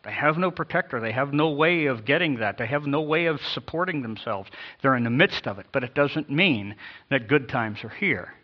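A man's voice: mid-range voice, expressive, moderate pace, lo-fi sound. A man preaching a sermon, emphatic, repeating key phrases and reading scripture with inflection. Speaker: pastor.

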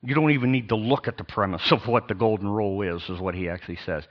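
An older man, a pastor, preaching a sermon in an emphatic, sarcastic way with pauses and restarts. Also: on the low side, lo-fi sound.

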